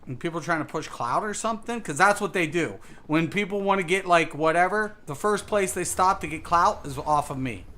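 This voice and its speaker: A man's voice: fairly high pitch, expressive, fairly quick, hardly any pauses, bright, forceful tone. A man streaming a game, ranting casually and swearing often as he repeats himself. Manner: ranting, profane, repetitive. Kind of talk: casual gaming stream talk.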